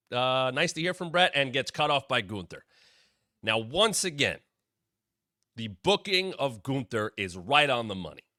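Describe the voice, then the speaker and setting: A man hosting his own wrestling talk show, giving casual solo commentary and quoting people in quick asides. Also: medium pitch, no echo, studio quality. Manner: animated, drops into quoted voices.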